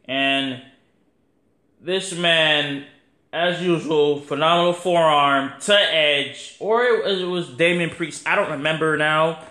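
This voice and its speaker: A man hosting a podcast, talking in a casual, rambling monologue that is animated and full of swearing. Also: a little high, slow pace. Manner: animated, profane, rambling, acts out quotes. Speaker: podcast host. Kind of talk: casual wrestling review monologue. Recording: echoey room.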